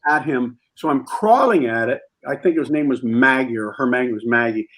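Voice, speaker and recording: A man telling a comic anecdote as a talk-show guest, animated and acting out what people said. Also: medium pitch, normal speed, low-quality recording. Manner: animated storyteller who acts out quotes.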